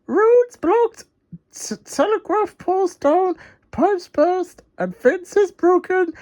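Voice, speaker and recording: A man's voice: very high voice, lively intonation, slow pace, a little mellow, pitched above the performer's own voice, full character voice. A man reading a storybook aloud and voicing a woman who urgently reads out a message in a raised voice.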